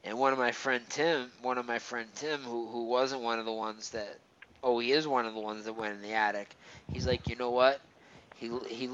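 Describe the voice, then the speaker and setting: A man's voice: medium pitch, a bit bright, clear, resonant tone. A man telling a personal ghost story in casual chat, rambling, with lots of fillers and restarts. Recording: slightly dull, muffled recording.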